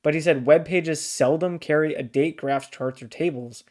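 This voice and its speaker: A man's voice: on the high side, moderate pace, darkish tone. A man co-hosting a casual book discussion podcast, blunt and exasperated, swearing freely as he pushes back. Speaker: podcast co-host.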